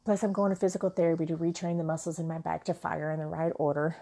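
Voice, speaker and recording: A woman's voice: low-pitched, little pitch movement, fast talker, mellow. A woman vlogger telling a personal story in an earnest, heartfelt way, with restarts.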